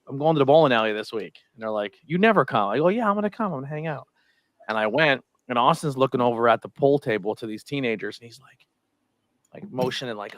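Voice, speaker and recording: Animated man telling stories, dry mic. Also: mid-range voice, no echo. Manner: animated storyteller, acts out quotes. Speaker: podcast co-host. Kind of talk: casual chat watching wrestling.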